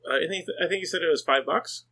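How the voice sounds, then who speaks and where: A man's voice: on the high side, quick pace, sharp tone, husky. A man co-hosting a podcast, speaking hesitantly in a casual chat, with many fillers and repeated words. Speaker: podcast co-host.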